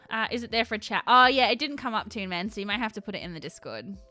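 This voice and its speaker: A woman hosting a casual livestream chat. She thinks out loud, reacts to her chat, and often trails off unsure of herself. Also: mid-range voice, expressive, fast, dry recording. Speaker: livestream host.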